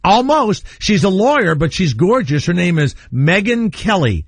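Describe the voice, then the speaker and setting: A man's voice: high voice, big pitch swings, normal speed, dry recording. A man hosting a radio talk show, bantering bluntly and teasing his co-host as he jumps between topics. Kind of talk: casual banter.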